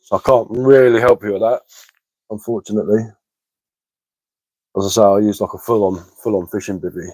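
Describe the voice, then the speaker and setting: Slightly hoarse low-voiced man. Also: steady tone, fairly quick, long pauses, dark tone, dry recording, rough recording. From England. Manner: rambling, hesitant, repeats words and fillers. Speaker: bushcraft livestreamer. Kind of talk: casual livestream chat answering comments.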